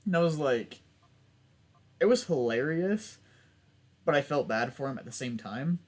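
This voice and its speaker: A man's voice: mid-range voice, animated, unhurried, darkish tone. A young man chatting casually while playing a video game, rambling and restarting his sentences. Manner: rambling, self-interrupting, laughs often. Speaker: gaming YouTuber. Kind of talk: casual let's play chat.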